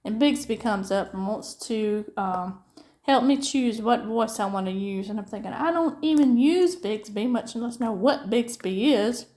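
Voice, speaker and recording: A woman's voice: a little high, animated, measured pace, a little mellow. Chatty southern lady from upstate sc just rambling on while she paints, lots of ums. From upstate South Carolina. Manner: chatty, rambling, folksy, many fillers. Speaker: diamond painting vlogger. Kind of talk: rambling casual chat while crafting.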